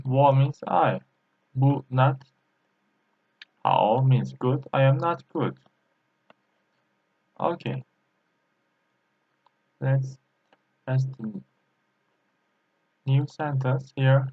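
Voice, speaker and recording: Slow, halting man teaching Chinese. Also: medium pitch, muffled recording. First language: Turkish. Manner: slow, halting non-native English with many fillers. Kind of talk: screen-recorded language lesson.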